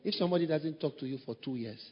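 A pastor preaching a sermon, breaking into high shouted mimicry of people he describes. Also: very fast, long reverb tail, dull audio. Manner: acts out quoted voices, shouting high mimicry.

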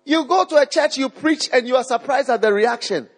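A man's voice: very high voice, a little fast, breathy edge. A man preaching a live sermon to a congregation, emphatic, repeating his phrases and putting questions to the crowd. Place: church hall with a live congregation. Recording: long hall reverb.

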